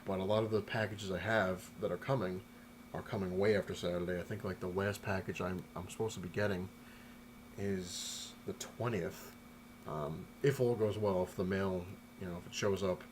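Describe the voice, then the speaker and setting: A man's voice: low voice, steady tone, moderate pace, background noise. A man talking casually to the camera at home, loose and chatty, often repeating himself as he rambles through his vlog. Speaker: collector vlogger showing his haul. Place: apartment at home.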